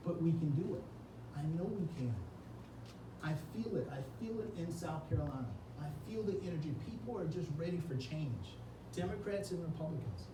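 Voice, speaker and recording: A man giving an earnest, emotional campaign speech at an indoor reception, telling a personal story. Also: fairly high pitch. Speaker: Senate candidate. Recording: echoey room, mic far off, noisy.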